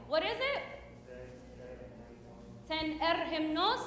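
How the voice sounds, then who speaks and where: A woman's voice: sits high, animated, unhurried, sharp tone. A woman teaching a hymn class, patiently coaxing her students with questions, recorded in a church hall. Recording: echoey hall with long reverb.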